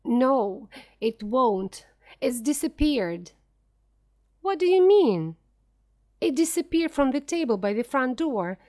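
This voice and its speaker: A woman's voice: high-pitched, animated, measured pace, a little mellow. A woman reading as a fretful older housekeeper. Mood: distressed. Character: anxious older female housekeeper. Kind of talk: reading a simplified story aloud.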